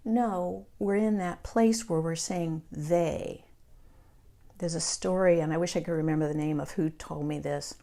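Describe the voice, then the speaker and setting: A middle-aged woman, leading a meditation group in a calm, reflective and candid way. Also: low-pitched, a little slow. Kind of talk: meditation class talk.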